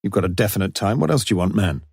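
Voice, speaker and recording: A man voicing a shrewd, wry male police inspector in an audiobook, coaxing and quietly commanding. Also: deep voice, animated, rapid-fire, vocal fry, slightly rough, dry recording, clean studio sound, full character voice. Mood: brisk. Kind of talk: audiobook character voice.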